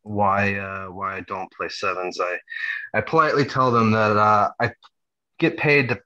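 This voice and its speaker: A man in his twenties from North Carolina answers questions in a relaxed, easygoing manner, chuckling between phrases. His voice sits low. The recording is dull and lo-fi. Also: normal speed. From North Carolina, USA. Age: 20s. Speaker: rugby player guest. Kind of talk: casual interview answers. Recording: dull, lo-fi audio.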